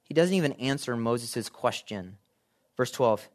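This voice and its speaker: Male preacher, mid-pitched voice, animated sermon, quiet readings building to loud points. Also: moderate pace.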